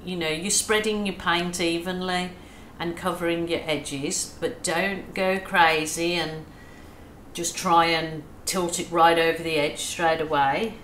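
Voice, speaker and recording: A woman's voice: lowish voice, steady tone, measured pace, a bit bright, a little hiss or hum. A woman with an Australian accent chatting her way through a painting tutorial, soothing and self-deprecating as she coaches. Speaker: acrylic pouring artist. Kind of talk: casual painting tutorial chat. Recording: echoey room with faint ambience.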